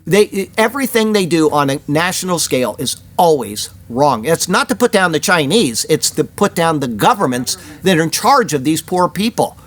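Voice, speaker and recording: A man's voice: fairly high pitch, sing-song, moderate pace, few pauses. A man hosting a weekly news commentary show, chatty and opinionated, with rambling personal asides. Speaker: host of a weekly prophecy news report.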